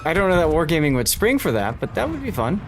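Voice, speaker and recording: A man's voice: on the high side, huge pitch swings, fast, soft background music. A man casting a game tournament in casual livestream chat, easygoing and rambling, with a scratchy voice. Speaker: tournament caster.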